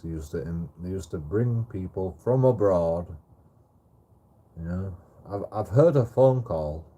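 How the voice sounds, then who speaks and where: A man's voice: low voice, dark tone, husky. A young man telling a rambling story on a livestream, swearing often, stammering and restarting his sentences.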